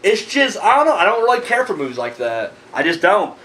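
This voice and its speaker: A man talks in a casual video rant, swearing freely and rambling from point to point. His voice sits high and swings widely in pitch. He sounds tired and worked up. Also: brisk, poor audio. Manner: profane, rambling, animated ranting. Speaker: horror movie vlogger.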